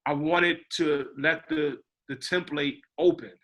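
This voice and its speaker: A man's voice: a little high, fairly even intonation, slow pace, fairly bright tone. A man, a film director, talking casually in an interview, rambling with many repeated words and asides. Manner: rambling, repeats words, says "you know what I mean".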